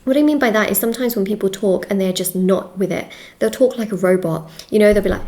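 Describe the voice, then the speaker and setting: A woman's voice: medium pitch, quick pace, hardly any pauses, mellow. Chatty woman giving a tarot reading. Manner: chatty, repeats phrases, checks in with "okay?". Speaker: tarot reader. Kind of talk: casual tarot reading to camera.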